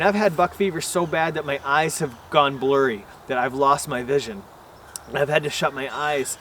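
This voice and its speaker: A man's voice: mid-range voice, a bit bright, slight background noise. A man hosting a bowhunting vlog outdoors, explaining in a folksy, rambling way. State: out of breath after running. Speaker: bowhunting channel host. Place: outdoors at an archery range.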